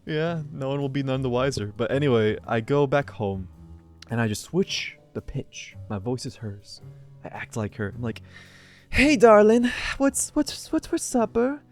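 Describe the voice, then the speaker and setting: A man's voice: mid-range voice, normal speed, a little mellow, soft background music. A young man co-hosting a podcast, telling playful, rambling stories full of fillers in casual chat. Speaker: podcast co-host.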